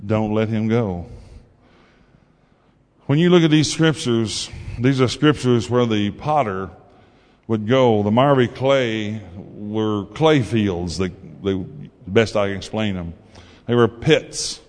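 A man's voice: lowish voice, takes it slowly, a little mellow. Folksy man preaching in a reverberant church hall. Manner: folksy storytelling, acts out quotes. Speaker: preacher giving testimony. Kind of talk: sermon testimony.

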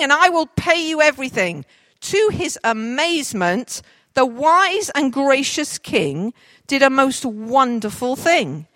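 A woman telling a story to a group, directing volunteers as they act it out, with lively, jokey asides. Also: very high-pitched, no echo. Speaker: children's storyteller.

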